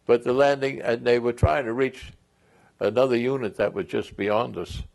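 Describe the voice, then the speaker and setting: Old guy in his 80s, gravelly, tells army stories in an interview, lots of restarts. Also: medium pitch, fairly even intonation, moderate pace, a little mellow. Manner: rambling, chuckling storyteller with restarts. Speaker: Korean War veteran interviewee. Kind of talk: oral history interview.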